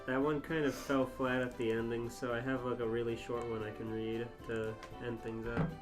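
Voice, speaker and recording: A man co-hosting a comedy podcast, reading fan fiction aloud with mock drama and bursts of shouting. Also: mid-range voice, little pitch movement, normal speed, music in the background. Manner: reads aloud with sudden loud shouted quotes and laughs.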